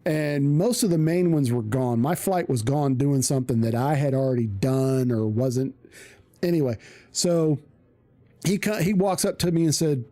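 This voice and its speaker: A man casually telling a profane story on a live stream, animated and acting out the voices of people he quotes. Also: mid-range voice, moderate pace.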